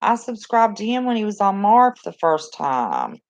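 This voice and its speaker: A chatty, excitable woman with a Southern West Virginia accent, hosting a casual live chat from a cluttered bedroom on a phone. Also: mid-range voice, moderate pace. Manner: chatty, excitable, talks to viewers and reacts to the chat. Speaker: live stream host.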